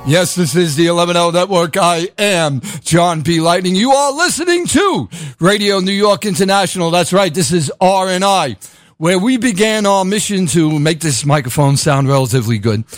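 A man's voice: sits high, animated, moderate pace, no echo, faint music behind. An older man hosting a radio show from his home studio, rambling in a sardonic, grumbling way with the odd curse. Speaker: radio host. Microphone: dynamic studio microphone.

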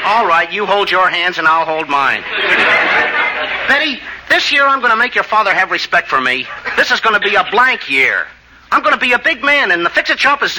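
An actor playing a bumbling, wisecracking young man who runs a fix-it shop, in 1940s radio acting style. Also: high voice. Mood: joking. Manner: goofy, wisecracking. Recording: noisy old radio broadcast.

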